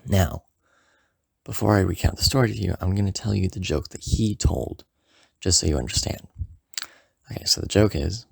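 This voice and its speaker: A man casually telling a comic story, rambling with lots of "you know" and "like", jumping into higher voices for the people in it. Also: normal speed, gravelly, pauses often, husky, no echo, studio quality. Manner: acts out the friend's lines in a higher voice.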